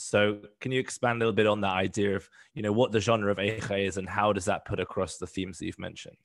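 A man hosting a podcast interview, asking a long question in a hesitant, halting way. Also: fairly low pitch, a bit bright, no room sound, studio quality. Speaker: podcast host.

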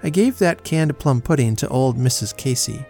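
A man's voice: medium pitch, animated, moderate pace, mellow, soft background music, natural voice. A man voicing a worried young newlywed wife who pleads earnestly.

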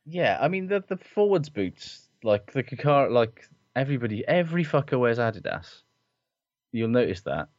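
A man's voice: medium pitch, big pitch swings, moderate pace, darkish tone, dry recording. A man co-hosting a casual rugby chat podcast, swearing often and laughing a lot. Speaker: podcast co-host. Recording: dry, slightly dull audio.

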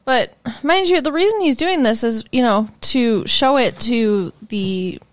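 A woman's voice: a little high, a little slow. A woman co-hosting a podcast, chatting casually about a TV episode, laughing often and filling her speech with fillers. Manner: giggly, lively, talks with frequent fillers. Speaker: podcast co-host. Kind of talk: casual chat recapping a TV episode.

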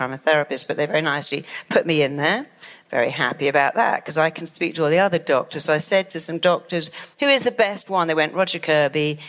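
Lively woman telling a story. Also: fairly low pitch. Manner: lively storytelling, acting out dialogue. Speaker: therapist and author. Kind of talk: talk to an audience.

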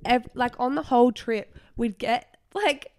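A young woman, chatting casually as a podcast host. She rambles through stories with plenty of fillers. Her voice is smooth and resonant. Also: a little high, a little slow. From Australia. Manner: chatty, storytelling with many fillers. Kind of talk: casual chat.

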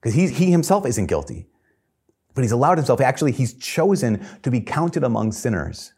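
A man's voice: mid-range voice, big pitch swings, moderate pace, a little mellow, slightly rough. A man preaching a sermon in an earnest, conversational way, chuckling now and then.

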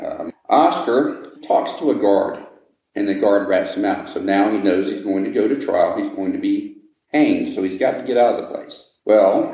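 Male tour guide, low and mellow, dramatic storyteller, very echoey hall. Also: recorded from a distance. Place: large old building indoors. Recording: echoey room.

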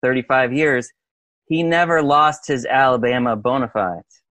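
A man hosting an interview, asking quick questions with frequent restarts. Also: medium pitch, fairly bright tone, no echo. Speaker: interviewer host. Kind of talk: casual interview.

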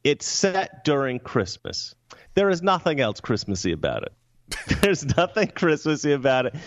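A man's voice: on the high side, very animated, normal speed, muffled recording. A man co-hosting a movie chat show, talking casually with frequent laughs and stumbling restarts. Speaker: co-host, film commentator.

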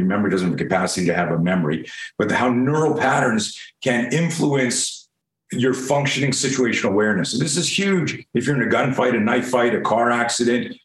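A man telling a story from his youth in a casual interview, swearing freely and acting out what people said. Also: mid-range voice. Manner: profane, animated storyteller acting out quotes. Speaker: guest. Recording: roomy echo.

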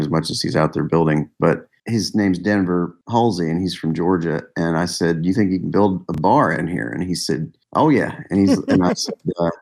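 A man with a very deep voice tells a meandering story in relaxed interview chat. He laughs often and circles back on his own sentences. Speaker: musician guest.

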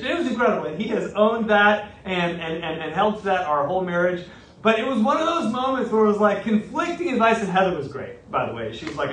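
Lively, high-voiced man preaching in a roomy hall. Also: fairly quick. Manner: animated, self-mocking humor. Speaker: pastor. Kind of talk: storytelling sermon. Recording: roomy, from a distance.

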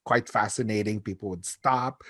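A man speaking as an expert guest in a relaxed conversation from home, measured and thoughtful, often chuckling. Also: lowish voice, no room sound, studio quality. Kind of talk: casual conversation.

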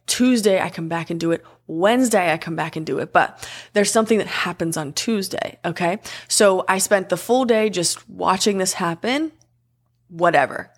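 A young woman casually telling a personal story, acting out the other people's lines with lively shifts in her voice. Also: medium pitch. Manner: animated, acts out quoted voices.

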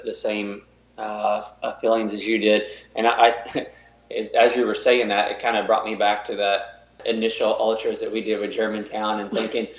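A man co-hosting a talk show, telling a story casually with lots of "like" and "uh" and a few laughs. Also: on the low side. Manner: halting, fills with "like" and "uh", laughs. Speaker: podcast co-host and race director. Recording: echoey room, dull lo-fi sound.

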